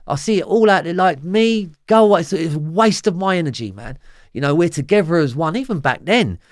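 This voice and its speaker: A man's voice: fairly high pitch, no echo, clean studio sound. Rambling, swearing Cockney man. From London, England. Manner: rambling and profane, full of fillers; lively, swings from loud to quiet. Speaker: interview guest. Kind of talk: candid storytelling interview.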